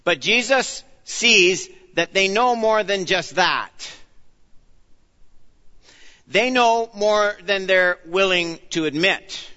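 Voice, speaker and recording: A man preaching an expository sermon, earnest and emphatic, often dropping low and soft on key phrases. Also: takes it slowly. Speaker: pastor. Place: church. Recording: dull sound, long reverb of a church hall.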